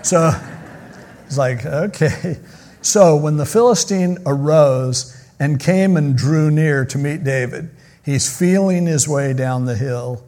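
Male pastor, sermon, slightly high voice, casual joking storyteller. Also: takes it slowly, darkish tone. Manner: casual, joking storyteller who acts out quotes. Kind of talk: sermon retelling a Bible story.

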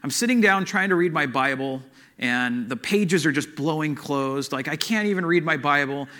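A man preaching with a fairly high voice, sharing his own story in an earnest, chatty way. He leans into words with lively shifts of emphasis, the way a pastor talks to his congregation. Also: moderate pace. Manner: earnest, conversational storytelling with animated swings in emphasis. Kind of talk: personal testimony in a sermon.

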